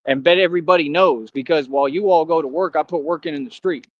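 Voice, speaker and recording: A man's voice: a little high, quick pace, no room sound. A man talking to his viewers in a rambling, defiant, preachy monologue, repeating himself. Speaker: streamer. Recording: dull lo-fi sound.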